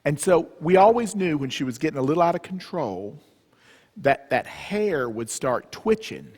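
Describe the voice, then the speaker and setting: A man telling a humorous family story at a church retreat, animated and playful. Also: on the high side, normal speed. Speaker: retreat speaker. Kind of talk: storytelling talk. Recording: long church reverb.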